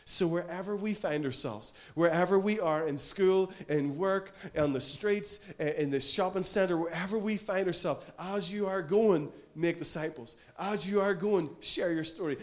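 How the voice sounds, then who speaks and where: This sermon comes from a pastor in Ireland whose voice leans high. Earnest and narrative, he often performs the different voices in the stories he tells.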